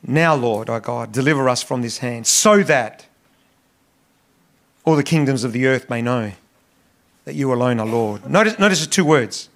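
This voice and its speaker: A man's voice: lively intonation, normal speed, long pauses, a bit bright. A male pastor preaching a sermon with passion, repeating words and pushing his voice up on key phrases. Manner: impassioned, rising in pitch on emphasis, frequent repetitions.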